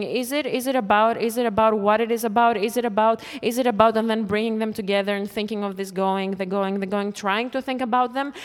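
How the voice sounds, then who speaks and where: A woman's voice: medium pitch, big-room sound. A woman giving a stream-of-consciousness spoken performance into a microphone, circling and repeating phrases over and over. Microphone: speaking into a microphone.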